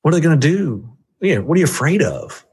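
Male podcast guest, husky voice, punchy coaching delivery with jumpy pitch. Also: big pitch swings, fairly quick, darkish tone. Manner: emphatic, jumpy pitch, direct address to listener. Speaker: guest reviewing a book on sales. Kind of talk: energetic coaching talk.

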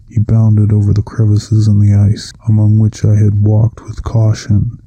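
A man giving a measured, solemn first-person reading of a classic novel. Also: lowish voice, dark tone, breathy edge, no echo. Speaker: audiobook narrator.

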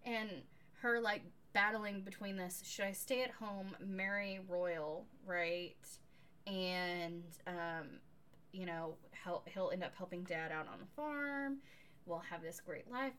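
A woman co-hosting a casual book-review podcast, recapping a novel in an animated, sarcastic way and swearing casually. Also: mid-range voice, measured pace. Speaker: podcast co-host.

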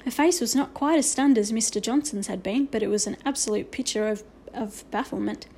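Storybook reader: woman, fairly high voice, expressive delivery with occasional slips. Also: brisk, hardly any pauses. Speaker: narrator. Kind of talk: storybook reading.

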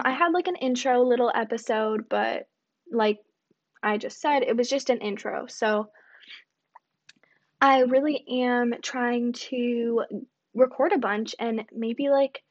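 A young woman talks through her solo podcast in a loose, rambling way, full of fillers and little self-deprecating asides. Her voice sits a bit high for a woman. The home recording sounds dull and lo-fi. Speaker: podcast host. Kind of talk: casual solo podcast chat.

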